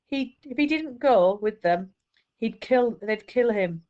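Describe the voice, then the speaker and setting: A desperate young mother from a storybook, calling out urgently with a raised, higher voice. A woman voices her while reading aloud. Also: animated, takes it slowly, a little mellow, lo-fi sound. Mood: anguished.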